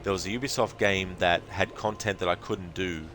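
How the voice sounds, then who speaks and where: A man with an Australian accent, streaming a game and chatting casually with viewers, relaxed and full of fillers. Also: low voice, a little fast, faint music behind. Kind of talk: casual gaming commentary.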